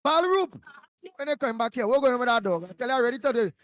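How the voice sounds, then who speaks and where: High-voiced Trinidadian man hosting. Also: expressive, fast. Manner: chatty and playful, laughing often, bursts of shouting. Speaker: live show host. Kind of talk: casual morning chat greeting viewers.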